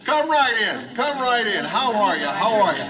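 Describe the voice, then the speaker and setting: An actor playing a gruff middle-aged bar owner who forces himself to be hearty and jovial, repeating his greetings in a 1970s studio sitcom. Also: sits high, sing-song, moderate pace, crowd noise, poor audio. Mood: forced cheer. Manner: overly hearty, repetitive greetings. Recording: hissy old TV soundtrack.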